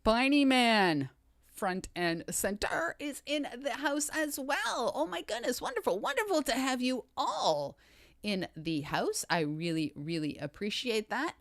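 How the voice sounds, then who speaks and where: A woman hosts a casual livestream, greeting viewers one by one in an upbeat, chatty way. Her pitch rises and falls in a lively, animated way while she keeps an unhurried pace. The sound is dry and close, with little room around it. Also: no echo. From Canada. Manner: upbeat, greets viewers by name, repeats catchphrases. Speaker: livestream host.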